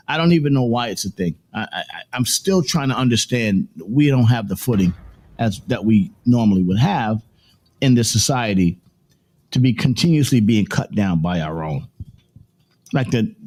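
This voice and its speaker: A husky-voiced man hosts a morning livestream, talking loosely into a desk mic. He rambles, circles back and repeats phrases as he works through his thoughts. His pitch sits in an ordinary middle range. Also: darkish tone. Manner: rambling, repeats himself, laughs between points. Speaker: morning show host. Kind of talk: casual livestream commentary.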